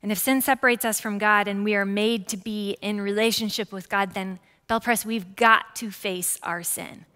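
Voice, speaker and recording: A woman in her forties preaching a sermon as pastor, lively and conversational, with frequent asides to the congregation. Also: mid-range voice, normal speed, few pauses. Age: 40s. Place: church sanctuary. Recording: church hall with long reverb.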